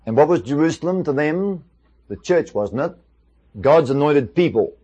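A man's voice: on the high side, expressive, moderate pace, warm tone, breathy edge, dull audio. A male preacher giving a sermon, asking his listeners one rhetorical question after another. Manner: many rhetorical questions to the audience.

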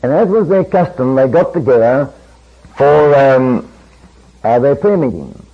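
Husky preacher on an old recording. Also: male voice, medium pitch, lively intonation, measured pace, highs cut off. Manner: earnest storytelling, acts out dialogue in quoted voices. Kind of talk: sermon storytelling.

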